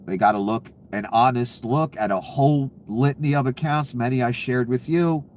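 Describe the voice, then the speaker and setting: A man's voice: mid-range voice, normal speed, a little mellow, a little hiss or hum. A man giving casual, profane political commentary, ranting and sarcastic, laughing at his own jokes.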